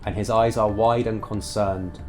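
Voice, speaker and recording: Guy game master narrating, lowish voice, slow with lots of ums, soft music under it. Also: fairly even intonation. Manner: slow descriptive narration with fillers.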